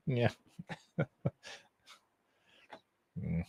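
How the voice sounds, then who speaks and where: Slightly slow and low-pitched, this livestreamer rambles and jokes to himself as he works and clicks around, chuckling often between remarks; there's no room sound.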